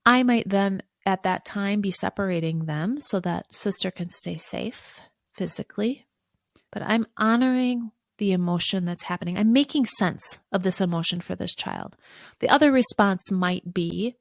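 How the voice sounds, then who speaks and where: A woman hosting a solo parenting podcast, calmly teaching and acting out soothing words to a child. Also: medium pitch, moderate pace, vocal fry, dry recording, clean studio sound. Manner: warm, coaching, acts out soothing lines to a child. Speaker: podcast host, parenting coach.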